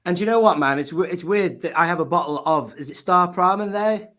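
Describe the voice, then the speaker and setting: A man's voice: sits high, a little fast, pushed and bright. A man hosting a casual live stream chat, joking and laughing often. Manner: chatty, jokey, laughs often. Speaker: host of a live stream show. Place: at home.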